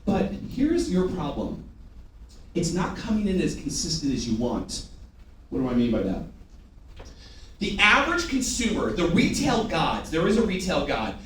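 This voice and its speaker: Animated man training a room of salespeople. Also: a little high, normal speed, long pauses, slight background noise. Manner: animated, jokey, drills the audience with call-and-response. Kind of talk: live sales training talk. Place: large room with a live audience. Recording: echoey room, picked up from a distance.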